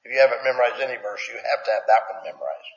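A man's voice: medium pitch, expressive, rapid-fire. A man preaching a sermon in a plainspoken, conversational way, asking his congregation questions. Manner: plainspoken, folksy. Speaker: pastor. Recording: echoey hall, dull lo-fi sound.

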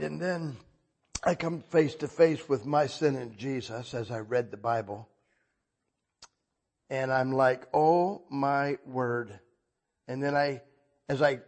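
Preacher, male, husky voice; emphatic sermon delivery, folksy and conversational, dropping low then surging loud. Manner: emphatic, swings between soft confession and loud bursts; conversational, checks in with listeners.

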